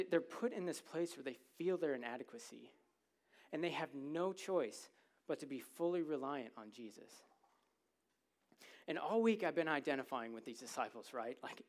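A man delivers a sermon to his congregation in a church, with a voice pitched somewhat high for a man. He talks in a loose, conversational way, joking with the crowd and often asking "right?" to pull them along. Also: expressive, normal speed. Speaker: preacher.

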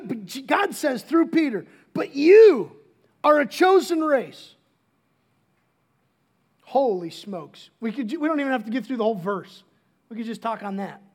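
A middle-aged pastor gives a relaxed, chatty sermon, tossing in jokes and stopping to restart his sentences. His voice sits noticeably high for a man. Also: moderate pace. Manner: casual, joking, restarts often.

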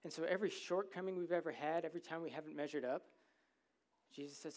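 Casual, joking preacher with a higher voice. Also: male voice, fast, darkish tone. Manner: conversational and humorous, often asks the crowd "right?". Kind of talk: sermon. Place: church, in front of a congregation.

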